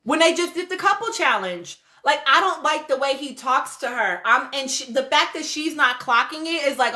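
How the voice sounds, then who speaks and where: A woman's voice: high-pitched, moderate pace, hardly any pauses. A woman hosting a casual reality-show recap livestream, talking bluntly and profanely. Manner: blunt, profane, animated commentary with laughs. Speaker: podcast host.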